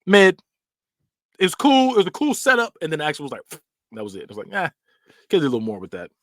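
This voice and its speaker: A man's voice: fairly high pitch, wildly swooping pitch, rapid-fire, fairly bright tone. A man hosting a podcast, casually recapping and ranking film scenes in loose, slangy storytelling. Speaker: podcast host.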